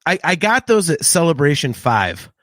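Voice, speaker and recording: A man in his late forties, a podcast co-host, chatting casually and telling animated stories with frequent laughter. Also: fairly high pitch, moderate pace, dry recording. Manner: animated storyteller who laughs often. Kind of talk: casual chat.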